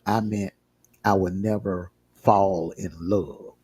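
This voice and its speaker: Husky man with a low voice speaks candidly about his own past in a casual livestream chat. He often restarts and repeats words as he works out what he means. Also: fairly even intonation, takes it slowly, darkish tone. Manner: candid, repeats words while gathering thoughts. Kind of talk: casual personal storytelling.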